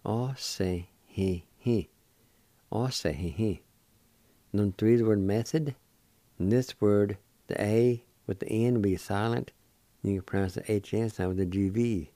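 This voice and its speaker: A man's voice: on the low side, normal speed, warm tone, dry recording. A man hosting a radio language lesson, spelling words out and pronouncing them carefully, syllable by syllable, with repeats. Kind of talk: slow spelling and pronunciation lesson.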